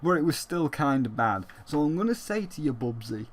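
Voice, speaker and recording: A man's voice: a little high, big pitch swings, a little fast. A young man giving casual, emphatic gaming commentary on his vlog, swearing freely as he argues his point. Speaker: gaming YouTuber.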